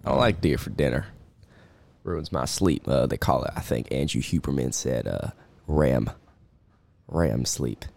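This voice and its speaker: A man co-hosting a comedy podcast, answering in a mock-earnest put-on cowboy drawl with a gravelly voice and deadpan replies. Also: rumbling low, a little slow, dry recording. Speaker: podcast co-host. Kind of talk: joking banter in a put-on cowboy voice.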